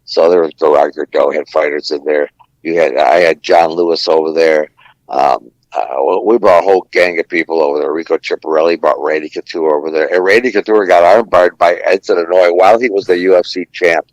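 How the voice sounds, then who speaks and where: A man's voice: deep voice, fairly even intonation, a little fast, no echo, low-quality recording. A man, a former ring announcer, telling rambling fight stories on a podcast with many fillers and curses. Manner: rambling anecdotes with frequent fillers and profanity. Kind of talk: casual storytelling.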